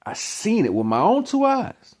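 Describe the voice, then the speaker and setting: A man hosting his own channel, telling a personal story in a casual, animated, slangy way that keeps circling back on itself. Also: high-pitched, moderate pace. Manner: animated, slangy, repeats himself. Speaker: channel host.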